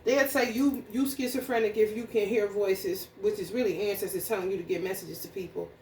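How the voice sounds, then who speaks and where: An astrology reader with a medium-pitched, steady, slightly darkish voice talks a little fast. Her casual reading turns into a blunt, heated, profanity-filled rant. The recording has an echoey room, a distant mic, and faint noise.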